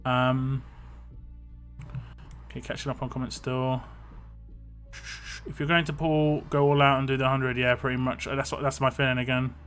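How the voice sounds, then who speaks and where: A man's voice: mid-range voice, little pitch movement, normal speed, pauses often, fairly bright tone, faint music behind. A British man chatting casually while live-streaming a mobile game and reading out viewer comments in a rambling, chatty way. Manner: chatty, rambling, reads chat comments aloud.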